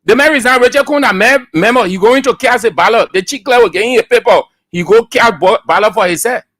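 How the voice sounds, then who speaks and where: A man's voice: very high-pitched, fast. A man with a Liberian accent hosting a call-in radio talk show, arguing back firmly with callers. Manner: lively, laughing, argues back firmly.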